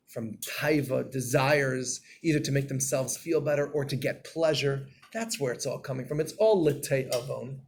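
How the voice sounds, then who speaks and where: A man giving a Torah class in a storytelling way, acting out scenes and getting loud and animated. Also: mid-range voice, creaky, a little hiss or hum.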